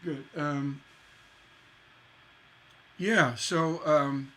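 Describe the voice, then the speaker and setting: A man's voice: fairly high pitch, fairly even intonation, very slow, fairly bright tone. A man teaching a songwriting lesson in a chatty way, scatting rhythms with "da da da" to show the stresses.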